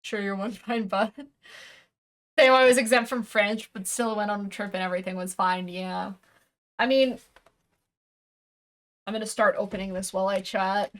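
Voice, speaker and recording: A woman's voice: medium pitch, steady tone, moderate pace, pauses often. A woman streamer chatting casually while unboxing, rambling and correcting herself, with a casual swear here and there.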